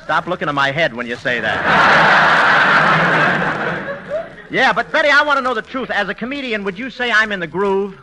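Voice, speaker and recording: A man hosting a 1940s radio variety show, trading quick wisecracks on stage in front of a live audience. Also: high voice, big pitch swings, low-quality recording. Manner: wisecracking, punchy joke delivery. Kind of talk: 1940s radio comedy banter.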